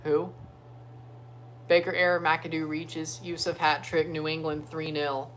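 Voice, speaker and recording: A man hosting a casual sports watchalong livestream from his phone, talking loosely and breaking into excited chants for players. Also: on the high side, a little slow, a little hiss or hum. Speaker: livestream host. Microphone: phone streaming app.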